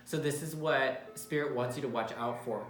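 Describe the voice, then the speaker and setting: A man's voice: mid-range voice, moderate pace. A man giving a casual tarot reading, talking bluntly and emphatically with some swearing. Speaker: tarot reader. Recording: roomy echo with faint music.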